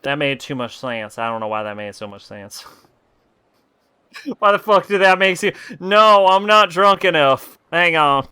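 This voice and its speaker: A male streamer with a bright, sharp tone and a smooth, crisp voice, pitched a little high. He jokes and swears freely through casual gameplay chatter. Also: animated, measured pace. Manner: joking, profane, giddy.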